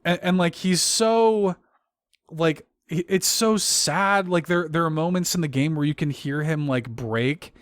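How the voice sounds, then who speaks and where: A man co-hosting a podcast, talking in a halting, emotional way, with many restarts and fillers. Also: a little high, dry recording. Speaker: podcast co-host. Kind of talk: casual podcast discussion.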